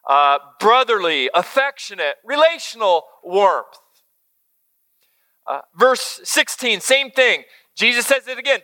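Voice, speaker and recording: Bright-voiced male preacher. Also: high-pitched, very animated, measured pace. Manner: earnest, shifts between loud emphasis and soft near-whisper. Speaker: pastor. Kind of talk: sermon.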